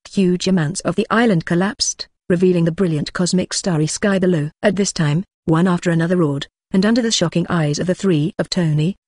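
A narrator reads a translated fantasy novel in an even, unhurried way that sounds machine-made. The voice sits in a middle pitch. The sound is dry and close, with no room around it. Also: no echo. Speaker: audiobook narrator.

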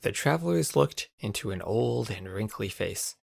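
A man narrating a scripted story in an even, measured read. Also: on the low side, creaky, dry recording, clean studio sound.

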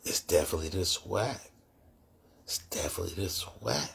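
A man with a Boston accent hosting a live call-in talk show, laid-back when asking questions and profane and excitable in loud, high bursts. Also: moderate pace, gravelly, breathy edge. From Boston area. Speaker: host.

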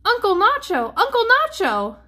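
Woman putting on a sweet eager little girl from a picture book, high and chirpy. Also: lively intonation, brisk. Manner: bright and eager, calling out. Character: cheerful young girl, a caring niece.

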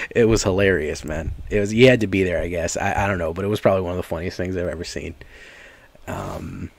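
Here a deep-voiced man talks a little fast while streaming a card game. His chat is casual and meandering, packed with fillers and laughs, over faint background noise.

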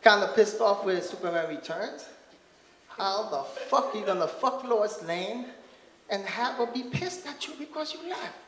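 A man's voice: sits high, animated, unhurried, slight background noise. A man doing a stand-up set in a comedy club, swearing and rambling with constant "you know" asides. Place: comedy club stage before a live audience. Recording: echoey club, loud crowd laughter.

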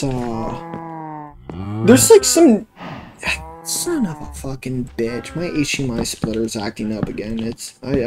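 A man with a mid-range voice does laid-back let's play commentary, drifting between topics and cursing when the game annoys him. The cheap home mic yields a low-quality recording, with music playing in the background.

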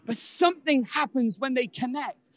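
A man preaching a sermon as pastor, animated and building to loud, emphatic exclamations. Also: very high-pitched, normal speed, dry recording.

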